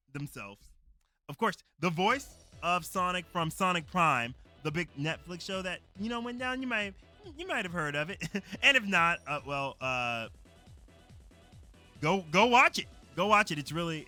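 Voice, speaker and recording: A man chatting casually on a live stream, excitedly rambling with lots of "uh" and "like" fillers. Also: a little high.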